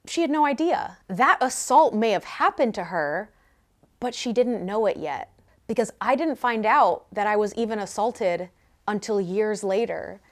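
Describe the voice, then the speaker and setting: A woman's voice: mid-range voice, animated, a little slow. A young woman vlogger telling a personal story candidly, with self-mocking humor.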